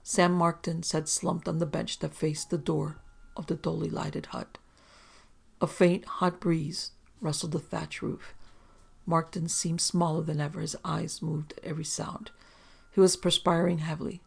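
An audiobook narrator reading a detective story in a steady storytelling manner. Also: medium pitch, normal speed, creaky, breathy edge. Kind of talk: scripted narration.

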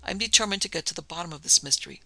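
A determined young heroine of an old ghost story, read aloud by a man. She sounds earnest and a little tremulous, with a bright, gravelly edge and a pitch slightly above his usual. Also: racing, no echo, full character voice. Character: determined young woman investigating a haunting.

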